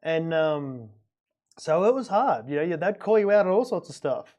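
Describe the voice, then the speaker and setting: A man's voice: fairly high pitch, sing-song, normal speed. A middle-aged man from Australia telling a long personal story in a casual podcast chat, rambling and repeating himself. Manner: rambling, repeats words, warm anecdotal. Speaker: podcast host.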